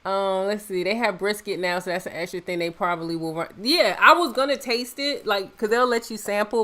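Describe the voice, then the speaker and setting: A woman's voice: medium pitch, steady tone, normal speed, few pauses, bright, forceful tone. A woman hosting a casual livestream from home, chatting, laughing often and reading viewer comments aloud. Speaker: host.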